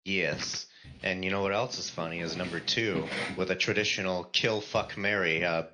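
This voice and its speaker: A man's voice: low voice, fairly even intonation, normal speed, noisy background. A man co-hosting a casual podcast, reading out listener questions in a dry way.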